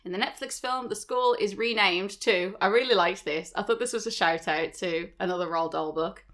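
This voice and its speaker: A woman co-hosting a podcast, chatting loosely through a story retelling. She swears offhandedly and laughs at her own asides. Her voice sits at an ordinary middle pitch. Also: normal speed, a bit bright. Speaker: podcast co-host. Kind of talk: casual chat retelling a story.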